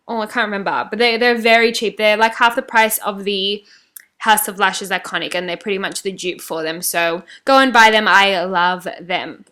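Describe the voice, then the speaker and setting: Bright, smooth-voiced young woman vlogger. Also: mid-range voice, fairly even intonation, normal speed. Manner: chatty and rambling, joking at her own slips. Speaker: beauty vlogger. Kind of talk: casual voice-over for a makeup tutorial.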